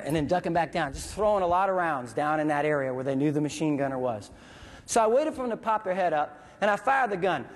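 A man with a husky, slightly breathy voice tells a story to an audience, animated and acting out the voices and sound effects. His words ring out with a long reverb in a large hall. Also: on the high side, fast talker. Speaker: military veteran speaker.

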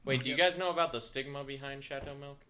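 A man's voice: mid-range voice, fast talker, over a noisy crowd. A young man co-hosting a casual podcast, dropping in curious, questioning asides. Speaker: podcast co-host. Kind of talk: casual chat.

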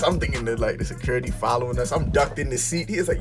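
A young man vlogger telling a story in a casual way, animated and acting out the voices he quotes. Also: medium pitch, fast talker, few pauses. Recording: music playing behind the voice.

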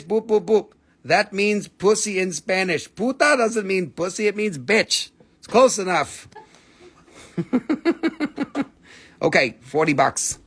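A man with a high, slightly bright voice hosts a live stream selling rocks. Playful and profane, he jokes and swears freely in broken, non-native English.

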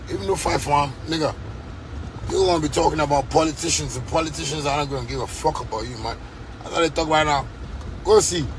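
A Ghanaian musician vlogger with a Ghanaian Pidgin English accent rants to camera from inside a car, his fiery street talk full of repetition. His voice sits on the high side, with slight background noise in the recording.

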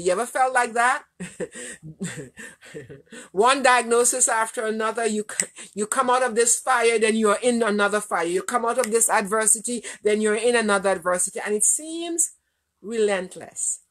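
A woman preaching a sermon with passion, swinging between loud, rising lines and hushed, low ones. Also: unhurried.

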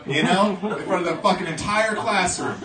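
Profane young stand-up comic in a club. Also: male voice, high-pitched, normal speed. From South Florida. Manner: profane, storytelling, acts out voices in bursts. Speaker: stand-up comedian. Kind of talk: stand-up set. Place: comedy club stage. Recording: roomy club sound from a distance, crowd audible.

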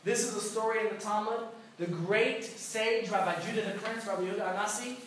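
A man's voice: high voice, fairly even intonation, a little fast, fairly bright tone, slight background noise. A rabbi teaching a conversational Torah class, putting rhetorical questions to his listeners and telling jokes. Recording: very echoey room, mic far off.

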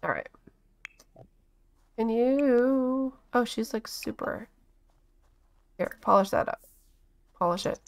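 Gravelly-voiced woman narrating her gameplay. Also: medium pitch, unhurried, pauses often, a bit bright. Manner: chatty, bossing game characters around with exclamations. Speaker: gaming channel host. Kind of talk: casual let's-play commentary.

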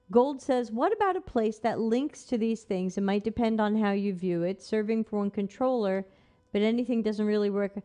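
A woman's voice: mid-range voice, warm tone. A woman hosting a live stream who reads an article aloud and answers it with skeptical, sarcastic remarks. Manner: skeptical, sarcastic, talks back to the text. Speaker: host.

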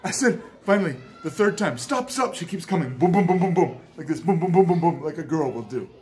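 Man, channel host, storytelling monologue; slightly high voice, swings widely in pitch, acts out the dialogue. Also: expressive, fast talker, dark tone, a little hiss or hum.

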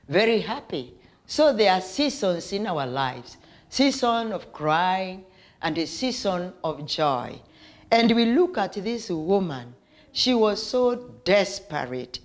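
A woman preacher delivering a sermon with slow, emphatic declarations and prayers. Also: medium pitch.

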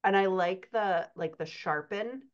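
A woman co-hosting a podcast as a writing coach, chatting in an affirming, explanatory way. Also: medium pitch. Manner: affirming, quick to agree, explanatory. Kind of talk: casual chat. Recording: dull lo-fi remote audio.

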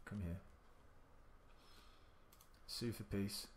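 A man's voice: fairly low pitch, fairly even intonation, extremely slow, a little hiss or hum. A man giving indecisive let's-play commentary, muttering to himself and swearing now and then. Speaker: gaming channel host.

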